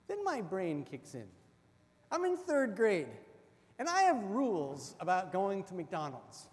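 A man preaching a sermon as the pastor, telling a personal story with animated, acted-out moments. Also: high voice, measured pace. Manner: storytelling, animated, acts out voices in the anecdote. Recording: long hall reverb.

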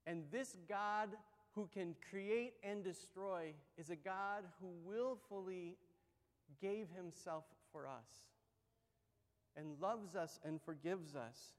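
Male pastor, high tenor, animated conversational sermon, long hall reverb. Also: takes it slowly. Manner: conversational, animated storytelling with acted-out quotes.

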